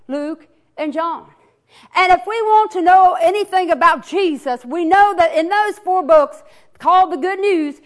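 A woman preacher who teaches children's church, telling a sermon story with repeated words and restarts. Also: very high voice.

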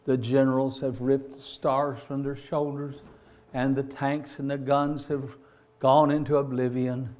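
A man preaching a sermon with passion, swelling to loud, drawn-out peaks and calling listeners "my friend". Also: mid-range voice, flat delivery.

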